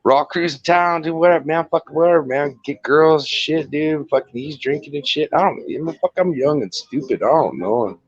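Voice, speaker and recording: A man's voice: fairly high pitch, normal speed, hardly any pauses, no room sound, muffled recording. A man telling a long rambling story in casual chat, swearing and laughing often.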